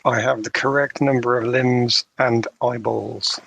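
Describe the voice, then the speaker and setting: A man co-hosting a podcast, giving measured, thoughtful opinions with a dry wit. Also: mid-range voice, fairly even intonation, creaky, fairly bright tone, slightly rough, low-quality recording. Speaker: podcast co-host. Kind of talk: casual podcast discussion.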